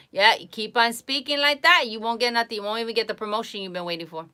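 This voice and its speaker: A woman's voice: on the high side, quick pace, hardly any pauses, bright, forceful tone, clean tone. A woman talking casually on a live stream, giving blunt, emphatic advice and repeating herself for emphasis. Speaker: psychic livestreamer.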